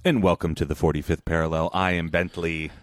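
A man's voice: low voice, little pitch movement, fairly quick. A man hosting a podcast, chatting casually in an upbeat, jokey way. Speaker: podcast host and audiobook narrator. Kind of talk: casual chat.

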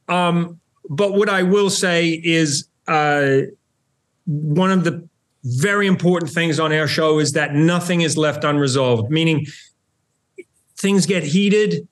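A middle-aged man with a New Zealand accent, chatting animatedly as a guest on a podcast interview. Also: a little high. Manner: chatty and animated, with many restarts and laughs. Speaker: show host, podcast guest.

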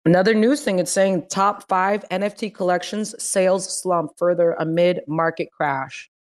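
A woman's voice: fairly low pitch, fairly even intonation, normal speed. A woman in a casual online chat, teasing the others and laughing often.

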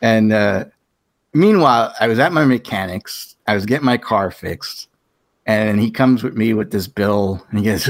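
In casual chat on his podcast, a man with a lowish voice spins long, rambling stories and acts out quoted back-and-forths. He speaks at normal speed, and the recording is dry and studio quality.

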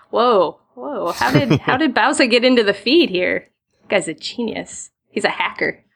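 A woman co-hosting a game podcast in casual chat, playful and quick to laugh. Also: fairly high pitch, lively intonation, creaky, fairly bright tone, slightly rough. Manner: giggly, playful. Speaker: podcast co-host.

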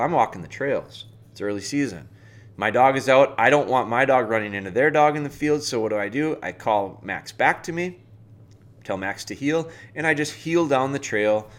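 A man's voice: medium pitch, a bit bright. A man hosting a dog training podcast, giving casual, plainspoken advice and talking the listener through everyday scenarios.

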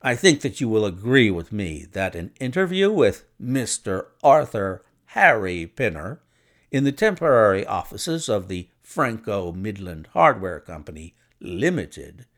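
Man voicing a shrewd detective, deliberate, dry, lively pitch. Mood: musing. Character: shrewd, measured male detective.

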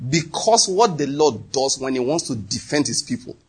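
Husky Nigerian man preaching. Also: mid-range voice, moderate pace. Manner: animated, emphatic, slips into acted quotes. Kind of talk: sermon.

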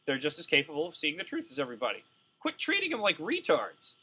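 A man's voice: a little high, huge pitch swings, fast talker, sharp tone, breathy edge. A man co-hosting a podcast, ranting with heat in a profane, casual way, full of fillers. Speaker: podcast co-host. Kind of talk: casual comedic rant.

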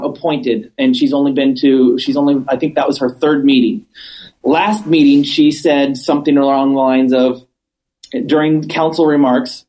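A man chatting as a podcast guest, telling stories with animated, acted-out quotes and emphatic repetition. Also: fairly high pitch, rough recording. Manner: animated storyteller, acts out quotes; emphatic, repeats points. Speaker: cannabis business owner, guest. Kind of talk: casual interview chat.

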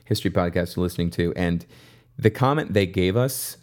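A man's voice: sits low, a little fast. A man co-hosting a history podcast, chatting casually and jokily with frequent restarts. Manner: jokey, rambling with restarts. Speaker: podcast co-host.

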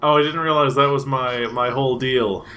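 A man co-hosting a podcast with a bright, sharp voice. He delivers absurd jokes in a dry, deadpan way. The talk stays loose and casual. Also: medium pitch, moderate pace. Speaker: podcast co-host. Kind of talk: casual comedic banter.

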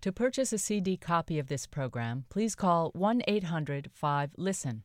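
A woman reading a scripted radio announcement with ordering details, clearly and deliberately. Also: fairly low pitch, animated, no echo, clean studio sound. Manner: clear, deliberate reading of numbers and web address. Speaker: program announcer.

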